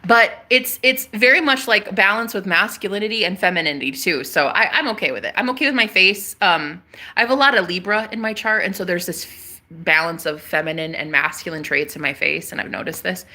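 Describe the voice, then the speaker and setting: Woman vlogger, bright and forceful tone, excitable, emphatic, sweary, casual monologue to camera. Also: medium pitch, a little fast. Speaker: spiritual vlogger.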